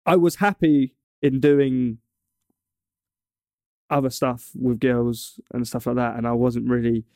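Rambling young man, mellow voice. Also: medium pitch, level tone, slow pace, dry recording, clean studio sound. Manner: rambling, stumbles and restarts often. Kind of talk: casual chat.

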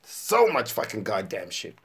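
A man's voice: lowish voice, huge pitch swings, measured pace, gravelly, a crowd in the background. A man in his twenties hosting a podcast, reacting to interview clips in a profane, exasperated casual rant and repeating himself for emphasis. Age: 20s.

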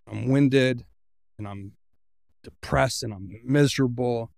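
A man's voice: medium pitch, slow pace, creaky, dry recording, clean studio sound. A man, a podcast guest, earnestly retelling a personal story and voicing his own inner thoughts.

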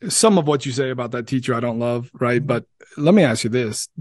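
A man's voice: medium pitch, fairly quick, a little mellow, no echo, clean studio sound. A man co-hosting a podcast, a father speaking candidly and searchingly in casual discussion.

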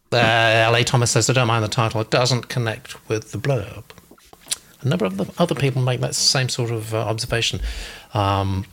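A man's voice: medium pitch, gravelly, a bit bright, slight background noise. Man hosting, hesitant with many ums. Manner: brisk, with frequent ums and uhs. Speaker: host, literary agent. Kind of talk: reading out viewer comments.

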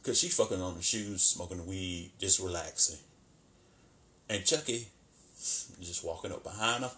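Animated, laughing man recapping a show. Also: low-pitched, a little hiss or hum. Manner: animated, colloquial, laughs often. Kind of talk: casual commentary.

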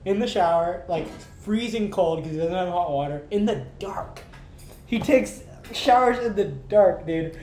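A man hosts a podcast with a fairly high voice, telling stories in an animated way with frequent laughter and casual swearing. The sound is echoey, with a faint low rumble underneath. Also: unhurried. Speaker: podcast host. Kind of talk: casual chat.

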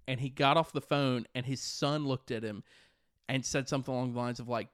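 A man's voice: mid-range voice, fairly quick, fairly bright tone, dry recording, studio quality. A man co-hosting a casual chat, telling stories animatedly and laughing often.

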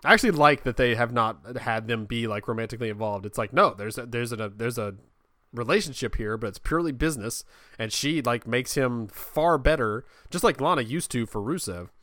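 A man co-hosting a casual chat, talking in a relaxed way and often repeating words as he starts a sentence. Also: medium pitch, fairly quick, no room sound, clean studio sound. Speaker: podcast co-host.

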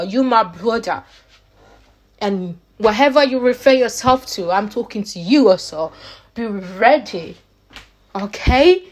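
Earnest woman giving a fervent pep talk. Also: a little high. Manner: emphatic and repetitive, restarting phrases; earnest, faith-filled encouragement. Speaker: vlogger. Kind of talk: motivational pep talk to viewers.

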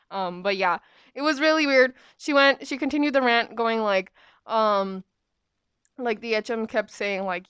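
Young woman rambling through a school story, lots of likes, smooth clean voice. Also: mid-range voice, brisk, no echo, lo-fi sound. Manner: chatty, full of "like" fillers and restarts. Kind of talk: casual storytime chat.

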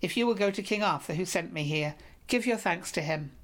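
A woman's voice: fairly low pitch, a little fast, lightly acted. A woman reading an audiobook, voicing a modest but bold young knight in plain courtly speech. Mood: firm. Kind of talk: audiobook reading of a medieval romance.

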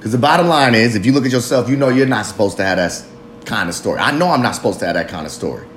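Man in his thirties, solo confessional host, swears a lot, rambling, self-mocking, lively swinging pitch, roomy echo. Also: racing, slight background noise. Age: 30s. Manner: rambling, profane, self-mocking, laughs often. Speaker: podcast host.

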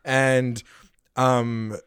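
A man's voice: medium pitch, extremely slow, clean tone, no echo, studio quality. Casual swearing male podcast recapper. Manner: animated, swears a lot, acts out characters' lines. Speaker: podcast host recapping a TV episode. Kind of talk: casual chat.

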